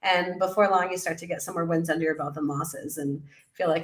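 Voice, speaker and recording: A middle-aged woman, a business coach guest in an interview, telling her story in an animated way and acting out her own past remarks. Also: on the low side, a little fast, echoey room. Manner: animated storyteller, quotes herself in lively voices. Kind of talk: conversational interview.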